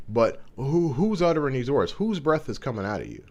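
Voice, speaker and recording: A man's voice: mid-range voice, very animated, a little fast, a little mellow. A man leading a casual Bible study, reading scripture aloud and breaking off to explain it in an enthusiastic, conversational way.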